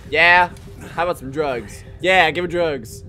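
A man giving let's play commentary, excitable and jokey, talking back at the game as he plays. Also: on the high side, unhurried. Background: game music and sounds.

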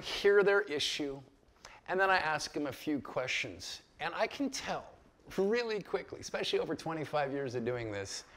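This pastor, a man in his fifties, speaks with a fairly high, fairly bright voice. His Bible lecture to the group is informal and chatty, packed with stories, asides, and chuckles.

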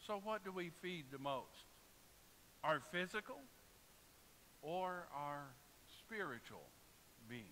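A man with a slightly high voice preaches slowly, pausing often, with big swings in pitch and a bright, forceful tone. As pastor, he tells funny stories and jokes with the congregation in a church sanctuary, where the recording echoes and carries faint hiss.

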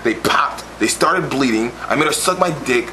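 A comedic storyteller with a mid-range, expressive voice delivers a crude monologue at a moderate pace. He speaks in boastful, swaggering street talk, and the amateur recording is noisy.

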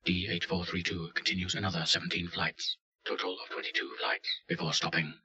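A man giving deadpan scripted narration of a report. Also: low voice, fairly quick, dull audio.

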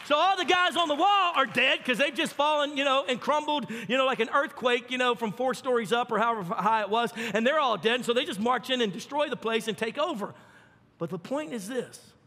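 Bright-voiced preacher in a reverberant hall. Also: male voice, very high voice, a little fast. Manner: animated storytelling, folksy, fervent. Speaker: pastor. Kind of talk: sermon.

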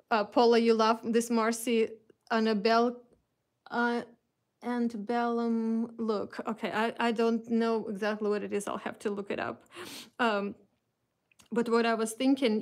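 A woman with a Russian accent, hosting a casual craft product showcase and chatting with many fillers and restarts. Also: medium pitch. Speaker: craft company host.

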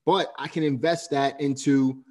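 A man's voice: medium pitch, steady tone, a little slow, a little mellow. A man hosting an interview, recapping the guest's points like a teacher and often tagging "right?". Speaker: host. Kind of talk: interview commentary.

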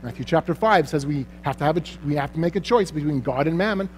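A man with a fairly high voice addresses a Christian conference audience. He talks earnestly and presses listeners with repeated rhetorical questions, then leads them in a closing prayer. A faint hum sits under his voice. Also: fast talker. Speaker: conference speaker.

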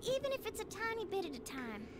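Game role: a high, bouncy Southern idol girl with a folksy twang. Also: sing-song, quick pace, noisy background. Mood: candid. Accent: Southern US (acted). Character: young woman idol with a rural twang. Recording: game audio over music.

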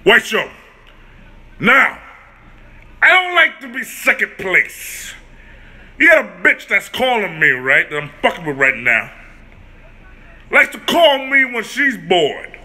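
A man's voice: sits high, very animated, takes it slowly, long pauses, sharp tone. A man hosting his own comedic vlog, ranting in a brash, profane, boastful way. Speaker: host.

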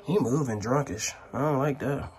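A woman's voice: extremely low pitch, normal speed, darkish tone, husky. A woman talking in a casual home vlog, slangy, joking and rambling. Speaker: vlogger.

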